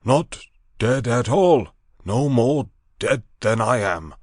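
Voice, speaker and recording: A man voicing a drunk, dull-eyed companion in an audiobook, speaking slowly and emphatically with a slur. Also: medium pitch, lively intonation, a little mellow, no room sound, studio quality, voice pushed up. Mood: drunken. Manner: slow, slurred, emphatic.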